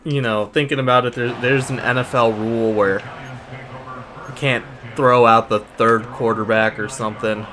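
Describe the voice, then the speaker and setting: A man's voice: mid-range voice, steady tone, moderate pace, sharp tone, slight background noise. A man giving casual, sarcastic commentary over his own football video game, exasperated and talking through the plays as they happen. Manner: exasperated, sarcastic play-by-play with frequent restarts. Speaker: gaming YouTuber.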